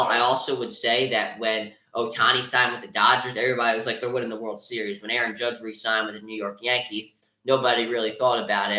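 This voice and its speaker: Opinionated young man, bright and roomy. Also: medium pitch. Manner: opinionated, many filler ums and restarts. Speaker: podcast host. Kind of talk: casual sports talk. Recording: roomy echo.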